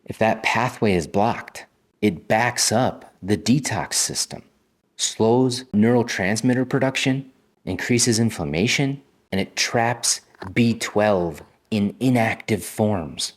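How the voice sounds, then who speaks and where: A man's voice: lowish voice, slow pace. A man hosting a casual health vlog, talking straight to viewers in an emphatic, conversational way with mild cursing. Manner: emphatic, conversational, mildly profane, talks directly to viewers. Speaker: health video host. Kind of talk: casual vlog monologue to camera.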